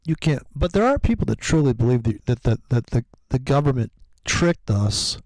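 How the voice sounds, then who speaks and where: Gravelly, profane man chatting. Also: mid-range voice, animated, normal speed, a little mellow, no room sound. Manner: profane, rambling storyteller. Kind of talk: casual chat.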